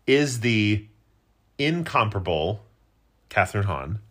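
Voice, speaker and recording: A man co-hosting a podcast, bantering in a dry, teasing way with quick quips. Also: lowish voice, big pitch swings, a bit bright, slightly rough. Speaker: podcast co-host. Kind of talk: casual banter.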